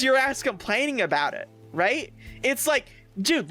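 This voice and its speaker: Male streamer, high and bright, excitable, rambling, profane, faint music under him. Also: unhurried, few pauses. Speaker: streamer reviewing comics. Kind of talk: casual streamed review.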